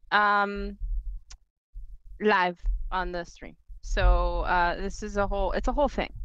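A woman's voice: medium pitch, a bit bright, clean tone, no room sound, muffled recording. A woman co-hosting a live stream talk show in casual chat, laughing often and swearing freely.

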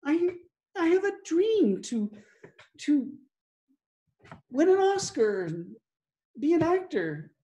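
A hopeful church member pleading to keep their dreams, the voice pushed up higher, as a pastor acts them out. The tone stays dark and mellow. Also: very animated, takes it slowly, pauses often, lo-fi sound, heavily acted.

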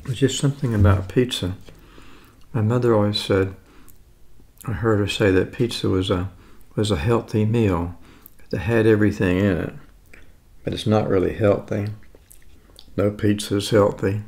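A man's voice: on the low side, steady tone, normal speed, gravelly, darkish tone. A man in his seventies from the United States, chatting casually and rambling as he tastes food on camera. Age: 70s. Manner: rambling, chatty, self-correcting. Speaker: food vlogger. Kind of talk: casual food tasting vlog.

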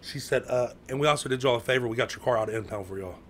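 An American man telling a story in casual chat, full of slang, who acts out quotes with sudden loud outbursts. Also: medium pitch, rapid-fire. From United States. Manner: heavy slang, lots of "bro" and "like".

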